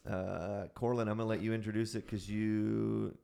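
This is a middle-aged man on a casual faith podcast, talking loosely with lots of "like"s. His low voice carries a gravelly, fry-laden texture, and he laughs often between thoughts. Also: flat delivery, normal speed, warm tone. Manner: loose and chatty, laughs easily, many fillers. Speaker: podcast co-host, church leader. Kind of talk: casual chat.

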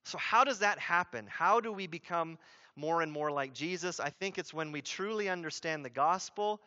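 Male pastor, sermon, high voice, bright tone, emphatic, slightly dull sound. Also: moderate pace, no echo. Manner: emphatic, conversational preaching with acted quotes.

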